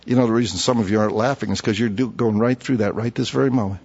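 A middle-aged man preaching a sermon with humor, acting out conversations with himself in an animated way. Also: lowish voice, fast talker, slightly rough, muffled recording. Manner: animated, humorous, acts out inner dialogue. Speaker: pastor.

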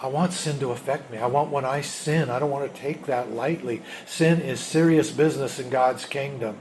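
A man preaching a sermon as a pastor, emphatic, swinging between loud urgency and hushed intensity. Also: mid-range voice, normal speed, a little hiss or hum.

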